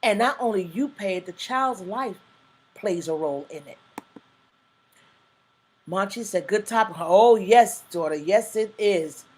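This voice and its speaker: A woman's voice: mid-range voice, expressive, a little slow, pauses often, a little mellow, poor audio. A woman hosting a live talk stream, chatting casually and reading viewer comments aloud with emphatic, preacher-like asides. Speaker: livestream talk show host.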